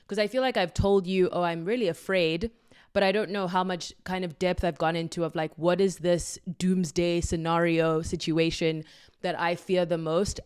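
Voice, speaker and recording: A woman's voice: lowish voice, darkish tone, clean tone. A woman hosting her own podcast, talking solo in an effusive, affirming and playful way. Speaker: podcast host.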